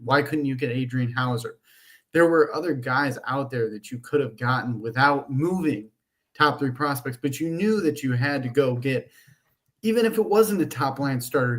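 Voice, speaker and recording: A man co-hosting a sports podcast, his voice sitting at an ordinary middle pitch. He vents in a long, frustrated rant and swears freely as he complains. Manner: frustrated, profane ranting. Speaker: podcast co-host. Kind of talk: heated sports talk.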